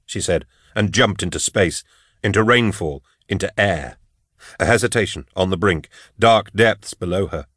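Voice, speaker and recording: Low-voiced man narrating an audiobook. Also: normal speed, a bit bright, no echo, studio quality.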